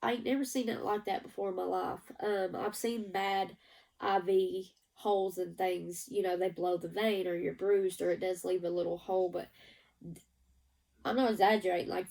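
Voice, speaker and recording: A woman's voice: lowish voice, gravelly, mellow, far from the mic, low-quality recording. A woman giving a rambling, emotional personal update to her viewers. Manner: emotional, rambling, teary at times. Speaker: vlogger.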